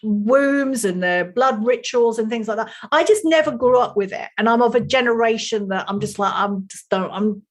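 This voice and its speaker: A middle-aged woman coach being interviewed, with a slightly high voice. She talks in a blunt, lively way and swears freely. Her speech comes across as frank and unfiltered. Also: normal speed, hardly any pauses. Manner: blunt, profane, animated. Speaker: life and sex coach. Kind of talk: casual podcast interview.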